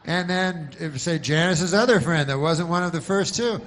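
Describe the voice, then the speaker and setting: Man, stand-up comedian, deadpan, rambling storytelling, fairly high voice. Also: moderate pace, slight background noise.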